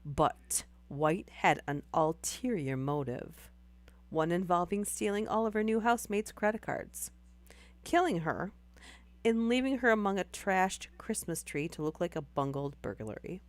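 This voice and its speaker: Hoarse, slightly low female streamer, casual reading with wry asides. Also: a little slow, dry recording. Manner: wry, laughs between lines. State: hoarse, losing voice. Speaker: live streamer.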